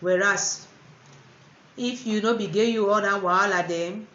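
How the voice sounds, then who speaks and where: A woman's voice: medium pitch, measured pace, fairly bright tone. A woman with a West African Pidgin English accent gives an emphatic motivational livestream talk. She repeats words for stress and switches between Pidgin and standard English. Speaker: motivational speaker. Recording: roomy, dull lo-fi livestream audio.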